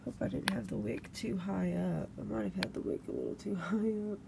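A woman's voice: mid-range voice, fairly even intonation, a little fast, vocal fry, noisy background. A young woman, chatting casually at home into a phone camera while she thinks aloud. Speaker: vlogger reviewing a candle. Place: home room.

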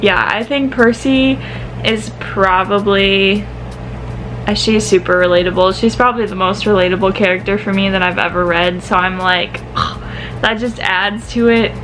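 A young woman from the Midwest chats to camera in a casual vlog, her voice teary and gushing as she sighs and trails off mid-sentence. Her pitch sits in the middle range. Clear music plays underneath. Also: fairly even intonation, moderate pace, fairly bright tone, rough recording. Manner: gushing, emotional, many sighs and trailing-off restarts. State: teary, crying. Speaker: vlogger. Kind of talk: casual vlog talk about a book.

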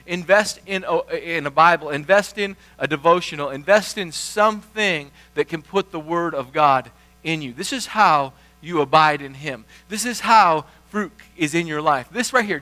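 A man's voice: high-pitched, sharp tone. A middle-aged man preaching a sermon as pastor, rambling through folksy asides and then building to emphatic, repeated phrases.

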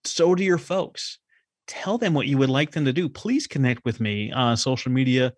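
A man's voice: medium pitch, lively intonation, moderate pace, no room sound. A man guesting on a podcast, talking casually and directly, full of enthusiasm and stories. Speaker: podcast guest, nonprofit consultant. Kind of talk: casual interview chat.

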